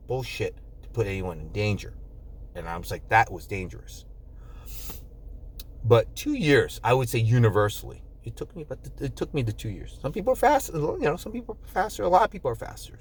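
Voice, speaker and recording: A man in his fifties, from New Jersey, talks straight to the camera about nursing in a casual monologue. He swears without a second thought and slips into other people's voices for quick quotes. His pitch rises and falls a lot, and the whole thing feels loose and animated. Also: slight background noise. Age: 50s. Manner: blunt and profane, acts out quoted people. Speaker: nurse vlogger.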